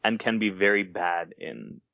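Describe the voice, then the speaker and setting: A man's voice: sits low, fairly even intonation, a little slow, creaky, dry recording, narrow, tinny audio. A man co-hosting a casual movie podcast, jokey and emphatic in his opinions. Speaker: podcast co-host.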